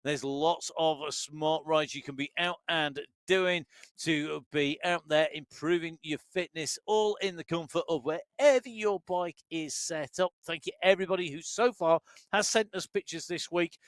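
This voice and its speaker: Excitable male cycling race commentator. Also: a little high, moderate pace, no echo. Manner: excitable, builds up hard during sprint finishes, laughs easily. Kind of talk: live esports cycling commentary. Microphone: headset with talkback in ears.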